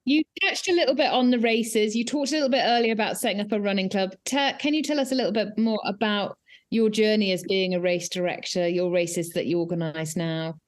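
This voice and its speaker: A woman's voice: medium pitch, fairly quick. A woman hosting a casual podcast interview, asking questions in a playful, teasing way. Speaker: podcast host.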